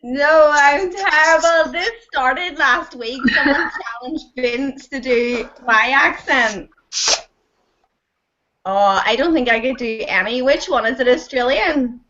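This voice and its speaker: A woman's voice: high-pitched, takes it slowly, bright, forceful tone, lo-fi sound. A woman guest on a casual online call, shy and giggly. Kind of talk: casual chat.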